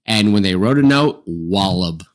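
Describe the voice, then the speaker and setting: Animated, apologetic podcast co-host man. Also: mid-range voice, moderate pace. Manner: apologetic, laughs often, animated. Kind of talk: casual chat.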